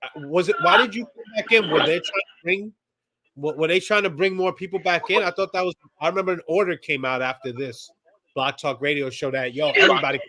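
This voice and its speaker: A man's voice: a little high, fairly even intonation, fairly quick, sharp tone. A man hosting a casual commentary show, talking emphatically. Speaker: podcast host. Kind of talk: casual commentary on archive audio.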